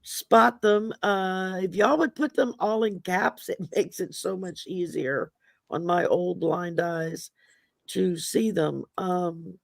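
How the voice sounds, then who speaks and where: A woman with a Southern accent co-hosts the show and reads out viewer questions. She talks slowly in a gravelly, laid-back voice. The sound is dry and close. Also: lowish voice, no room sound. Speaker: co-host reading viewer questions.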